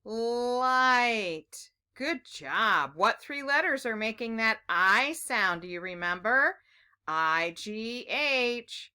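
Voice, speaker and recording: A woman teaching young children their letter sounds, her voice bright and clear. She speaks slowly and coaxingly, in a sing-song classroom manner that is pitched a little high. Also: expressive. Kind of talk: children's phonics lesson.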